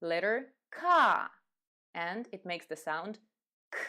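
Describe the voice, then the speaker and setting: A woman with a Russian accent, a native Russian speaker, teaching letters and sounds step by step with slow demonstrations. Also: mid-range voice, very animated. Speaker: language teacher. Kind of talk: step-by-step pronunciation lesson.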